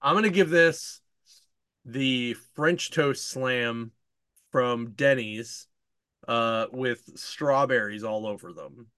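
A man's voice: medium pitch, takes it slowly, a bit bright, clean tone, no echo, studio quality. A man hosting a casual book chat, recapping a plot in a rambling way, laughing often and leaning on lots of fillers. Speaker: podcast host reviewing books.

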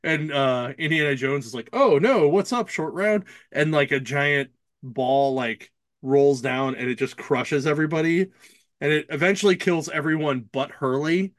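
A man's voice: a little high, fairly even intonation, normal speed, a bit bright, no room sound. A man co-hosting a podcast, telling a rambling story in casual chat and acting out the people he quotes. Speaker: podcast co-host.

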